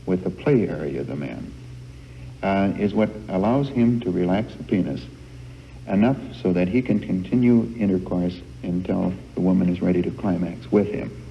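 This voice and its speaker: A man giving a frank family life lecture to a live group, folksy and halting, recorded on worn old reel-to-reel tape in a hall. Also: low voice, vocal fry, dull audio, slight background noise. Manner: folksy, halting with many uh fillers.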